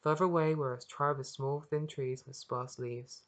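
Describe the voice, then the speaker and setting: Expressive reader of their own story. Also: medium pitch, moderate pace. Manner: earnest, expressive reading with small restarts. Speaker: author reading own story. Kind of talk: audiobook narration.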